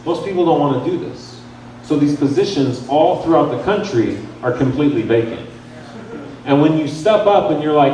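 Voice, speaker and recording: Young guy giving an animated jokey talk in a bar, super echoey room, mic far off. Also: fairly high pitch, moderate pace, slight background noise. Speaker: campaign volunteer trainer. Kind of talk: casual training talk to a crowd. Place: bar lounge.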